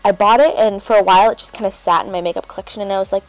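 A woman's voice: medium pitch, rapid-fire, hardly any pauses, faint music behind. A woman chatting casually as she narrates a makeup tutorial, rambling with lots of fillers. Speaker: beauty vlogger.

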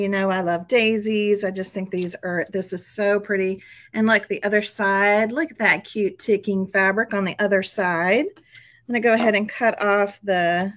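A woman's voice: mid-range voice, pushed and bright. A chatty, upbeat middle-aged woman walks viewers through a craft project at her table. She talks casually, keeps checking in with them, and laughs easily between steps. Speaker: craft tutorial host.

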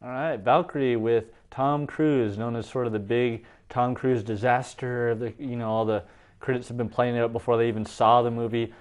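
Easygoing male co-host, mid pitch, chatty review style. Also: moderate pace. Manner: relaxed, chatty, with frequent restarts and hedges. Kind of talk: casual movie review chat.

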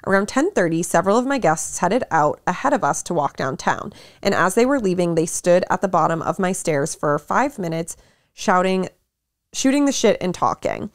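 A woman's voice: lowish voice, moderate pace, no echo, studio quality. A young woman co-hosting a podcast, chatting casually and reading a listener's post aloud. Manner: animated, laughing often, lots of likes. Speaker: podcast co-host.

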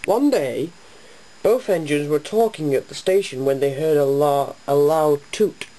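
A narrator reading a homemade storybook tale about engines, halting with occasional restarts. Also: medium pitch, dark tone, low-quality recording.

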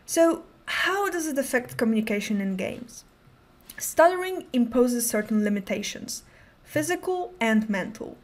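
Woman, fairly high voice, young adult, conference talk, careful controlled delivery, occasional stutters. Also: expressive, unhurried. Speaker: conference speaker.

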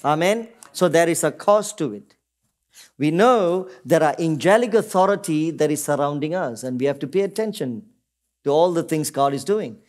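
Man, middle-aged, pastor preaching, fairly high voice, keeps asking the congregation for an amen. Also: expressive, normal speed, darkish tone. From Singapore. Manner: calls out to the congregation with repeated "Amen?" and acts out short quoted voices. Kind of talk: sermon.

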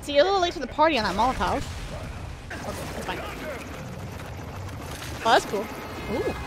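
A young woman streaming a shooter game, chatting casually, laughing and talking back to the game with sudden excited yelps. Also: high-pitched, moderate pace, noisy background. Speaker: streamer playing a shooter campaign. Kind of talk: casual let's-play commentary.

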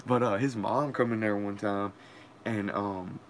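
A man's voice: fairly low pitch, steady tone, slow, slight background noise. A young man, telling a crude, profane story in casual vlog chat and laughing often. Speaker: vlogger.

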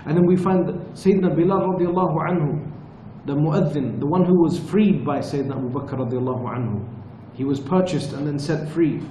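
A man with a mellow, fairly high voice teaches at a retreat and tells his stories in an earnest, measured way. The room is echoey, and a faint ambience sits behind him. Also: dull audio, slight background noise. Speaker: religious teacher. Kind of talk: storytelling lecture.

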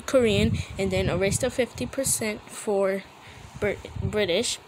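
A woman in the middle of her range talks slowly and deliberately as she comments on a clip. She sounds exasperated and emphatic, answering the screen directly. Faint noise sits behind her voice. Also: mid-range voice. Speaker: reaction video host. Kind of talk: casual reaction commentary.

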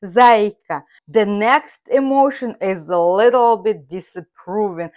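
A woman teaching Russian, explaining words slowly and carefully in English. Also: medium pitch, lively intonation, darkish tone, highs cut off.

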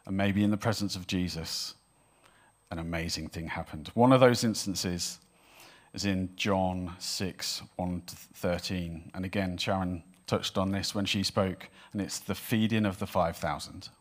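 Deep-voiced man preaching a sermon. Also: unhurried. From Wales. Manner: animated storytelling with acted-out voices of the people he describes. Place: church hall with congregation.

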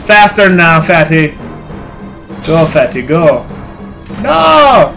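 Excitable young man swearing at a game. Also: a little high, takes it slowly, long pauses, soft background music. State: irritable, in a bad mood. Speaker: gaming channel host. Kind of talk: casual let's-play commentary.

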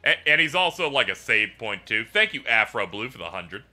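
A man livestreaming and chatting casually about a game, telling it as an animated story with swearing and laughter. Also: mid-range voice, normal speed, faint music behind. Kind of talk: casual gameplay chat.

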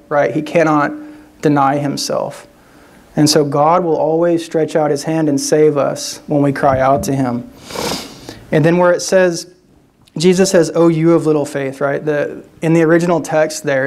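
Man, guest preacher, sermon, slightly high voice, conversational, frequent restarts. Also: darkish tone. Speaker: guest speaker.

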